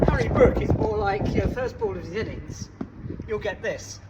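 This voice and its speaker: A man's voice: very high-pitched, wildly swooping pitch, brisk, vocal fry. A man from Italy chatting casually about cricket outdoors on a windy day, rambling and self-deprecating as he demonstrates shots. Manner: chatty, self-deprecating, trailing off mid-sentence. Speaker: cricket vlogger. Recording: distant mic, dull sound, wind and traffic noise.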